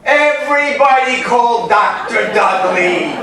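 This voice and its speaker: An actor playing a loud, sarcastic rich man at a party in a live stage comedy. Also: very high voice, expressive, a little slow, crowd noise. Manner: sarcastic, complaining. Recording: echoey stage sound from a distant mic. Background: audience laughter.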